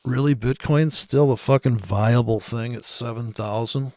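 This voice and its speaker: A forex trader does casual screen-share commentary on currency charts, rambling, sarcastic and profane. His medium-pitched voice is measured in pace and somewhat dark, captured in a dry, clean studio recording.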